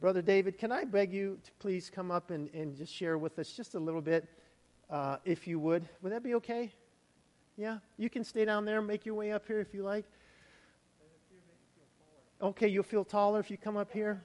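A male pastor giving a sermon, shifting from scripture readings into a lively conversational story. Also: sits high, moderate pace. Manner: conversational storytelling, animated retellings. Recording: hall reverb.

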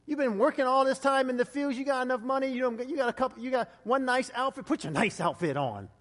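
Guy doing a bossy sassy older lady, high voice, long hall echo. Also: a bit bright. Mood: bossy teasing. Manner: bossy, teasing, rapid-fire orders. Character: sassy older woman coaching a young woman.

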